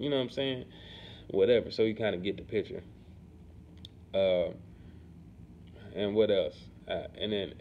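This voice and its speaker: A man chatting casually to camera in a relaxed, rambling way, often asking "you know what I'm saying". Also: lowish voice. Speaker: vlogger. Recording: dull lo-fi sound with faint background noise.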